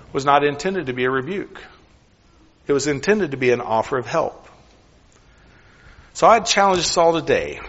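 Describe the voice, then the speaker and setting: A man preaching a sermon in an earnest, questioning way, often dropping his voice softly on key lines. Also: on the high side, long reverb tail, highs cut off.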